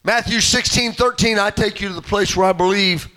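Fired-up preacher guy, really high voice, sharp and bright, shouting amens at his church. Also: a little fast. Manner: impassioned preaching, rising to shouts with frequent amens. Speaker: pastor. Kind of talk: sermon.

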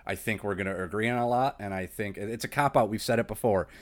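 A man's voice: fairly low pitch, fast. A man co-hosting a podcast, easygoing and joking in rambling casual chat. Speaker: podcast co-host.

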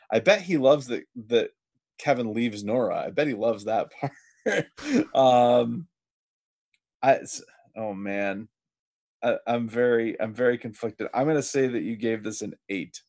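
A man's voice: medium pitch, a little mellow. A man hosting a casual TV recap podcast, enthusiastic and rambling, often restarting his sentences. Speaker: podcast host.

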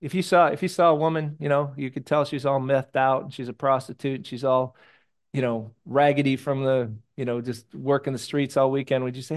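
A man preaching a sermon in a conversational, animated way, with jokey personal stories, hushed asides and sudden loud bursts. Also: mid-range voice, fairly quick. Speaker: pastor.

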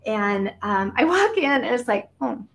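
A woman from Iowa, a guest on an interview show, talking casually with many fillers and animated storytelling. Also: a little high, a little slow. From Iowa, United States.

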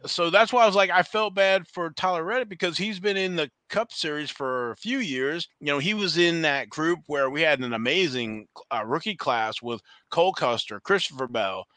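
Podcast guy rambling on, bright clear voice, dry close sound. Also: fairly high pitch, moderate pace, hardly any pauses, no echo. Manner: rambling, self-correcting, laughs easily. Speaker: podcast co-host. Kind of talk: casual chat about racing and trading cards.

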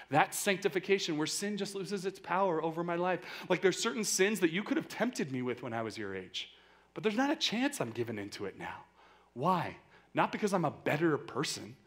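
A man in his thirties giving a conversational, earnest youth sermon, often saying "like" and swinging between quiet, intimate lines and loud, emphatic bursts. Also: fairly high pitch. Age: 30s. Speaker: youth pastor.

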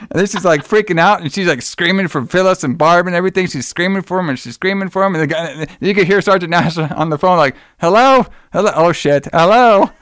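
A man's voice: high voice, brisk, no room sound, studio quality. A man in casual chat, retelling a film scene by scene, filler-heavy, jumping into raised voices to act out the characters' lines. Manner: animated retelling, acting out lines in raised voices, swears freely. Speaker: podcast co-host recapping a film.

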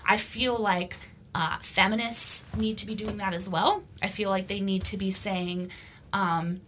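Bright, forceful woman podcaster. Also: medium pitch, steady tone, a little slow, slight background noise. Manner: emphatic and blunt, with profanity. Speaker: podcast host. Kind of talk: casual opinionated monologue.

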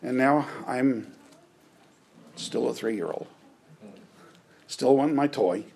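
A man's voice: mid-range voice, slow, gravelly, darkish tone, a little hiss or hum, poor audio. A man preaching a conversational sermon, often checking in with his listeners. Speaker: pastor.

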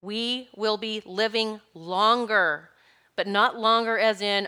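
A woman's voice: mid-range voice, steady tone, takes it slowly, bright, forceful tone, clear, resonant tone. A woman giving a casual spiritual talk, rambling and searching for words, with laughs between her thoughts. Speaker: spiritual speaker.

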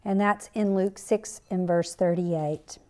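A woman's voice: on the low side, fairly even intonation, takes it slowly, warm tone. A middle-aged woman hosting a faith podcast, earnestly telling a personal story and quoting scripture. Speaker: podcast host. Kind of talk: faith-based podcast talk.

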